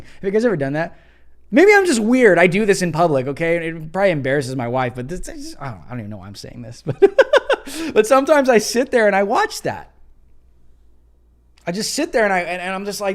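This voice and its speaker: A man's voice: sing-song, fast talker. Sarcastic young man hosting a livestream. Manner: sarcastic, mocking, mimics others in high voices. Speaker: livestream host. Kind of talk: casual opinion livestream.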